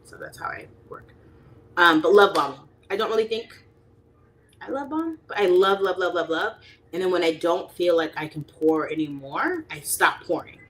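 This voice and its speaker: A young woman with a low voice chats loosely to her livestream audience, wandering from thought to thought. She fills her talk with fillers and breaks into lively, high-pitched impressions of people she quotes. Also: moderate pace. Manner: rambling, chatty, lots of fillers, voices quoted people animatedly. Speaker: livestream host reading chat. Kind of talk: casual rambling livestream chat.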